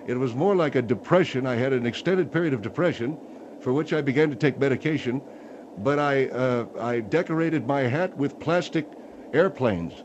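A man playing a gruff, condescending retired general in a comedy radio bit, stammering and bossy. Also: medium pitch, moderate pace, a little mellow, highs cut off, slight background noise, lightly acted. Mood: boastful.

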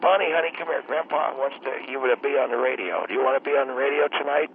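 An actor playing a cranky old grandfather and retired courtroom lawyer who calls a radio show, rambling, losing his words and clearing his phlegmy throat. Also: mid-range voice, quick pace, close to an everyday voice. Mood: grumbling. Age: older. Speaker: radio caller. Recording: tinny phone line with faint hiss.

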